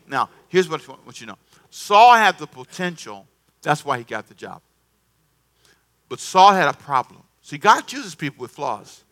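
A man preaching a sermon in an animated, conversational way, repeating himself and calling on the congregation to answer. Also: a little high. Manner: animated, repetitive, conversational preaching with call-and-response. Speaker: pastor.

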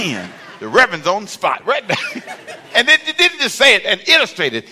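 Older preacher guy, high bright voice, punchy sermon with call and response. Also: wildly swooping pitch, fairly quick. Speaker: pastor.

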